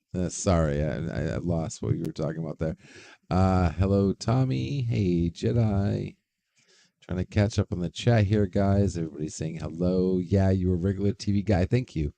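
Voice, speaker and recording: A man's voice: low-pitched, normal speed, creaky, mellow, dry recording. A man hosting a casual livestream, rambling, swearing freely and greeting chat viewers by name. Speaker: livestream host.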